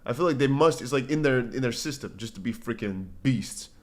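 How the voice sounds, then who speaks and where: A man hosts a relaxed crypto livestream and talks off the cuff. He rambles from point to point in a slangy way, often calling his viewers bro or brother. He reads out their comments and answers them as he goes. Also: medium pitch, fairly quick, a little hiss or hum. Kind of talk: casual livestream chat.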